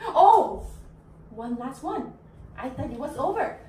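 Woman, kindergarten English teacher, playful, exaggerated, lively pitch, distant in echoey room. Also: slow pace, slight background noise. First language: Korean. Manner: playful, acts out emotions with exaggerated voice. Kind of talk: animated classroom teaching. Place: classroom with small children.

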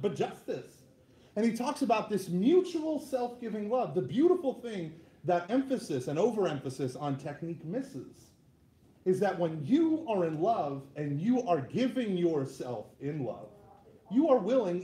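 A man with a high, lively voice gives a joking talk to a live audience, tossing in quick asides and "right?" checks. His tone is mellow, and the room rings with echo. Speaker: Catholic speaker.

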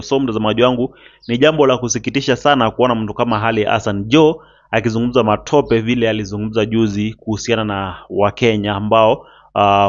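A man with a Kenyan accent hosting political commentary, speaking earnestly to his viewers with frequent "ah" pauses. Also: fairly low pitch. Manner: addresses viewer directly, earnest, filler "ah" pauses. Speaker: host. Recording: dull lo-fi recording.

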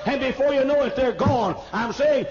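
An older man preaching a sermon in a church, emphatic, stammering into repeats and rising to sudden shouts. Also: very high-pitched, normal speed. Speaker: pastor. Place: large church auditorium. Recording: dull lo-fi archival sermon tape.

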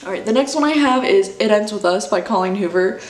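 A woman's voice: mid-range voice, expressive, brisk, reverberant. A woman in her twenties chatting casually as a book vlogger, gushing and emotional, full of "like" and "dude". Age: 20s. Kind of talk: casual chat.

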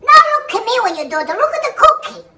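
A man's voice: extremely high pitch, sing-song, fast talker, pushed and bright, a little hiss or hum, pitched above the performer's own voice, exaggerated voice. A man voicing a bossy, thrifty old Italian aunt with an Italian accent and broken English. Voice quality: broken English, pushy, haggling.

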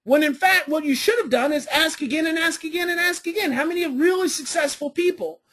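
A woman's voice: sits high, brisk, fairly bright tone. A woman giving a parenting coaching class, telling family stories and hammering points home by repeating them. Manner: storytelling with family anecdotes, emphatic repetition.

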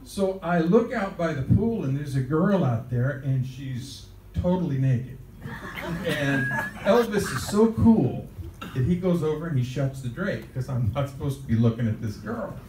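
Give me an older man telling a chuckling, rambling story in a mellow voice, picked up from a distance in a roomy space. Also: fairly high pitch, lively intonation, measured pace, a little hiss or hum. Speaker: interviewee. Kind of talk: recounting a childhood anecdote. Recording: roomy, distant mic, faint ambience.

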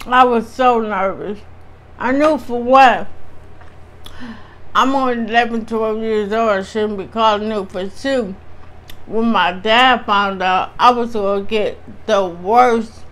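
A woman's voice: on the high side, steady tone, slow pace, a bit bright. A woman vlogger with a strained voice, telling a personal story to her viewers in a candid, chatty way. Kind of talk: casual storytime chat.

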